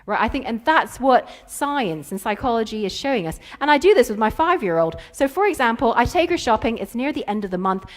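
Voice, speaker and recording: A woman's voice: on the high side, very animated, fairly quick, few pauses. A woman, telling playful stories in a conference keynote. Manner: playful storytelling with acted-out quotes. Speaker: keynote speaker.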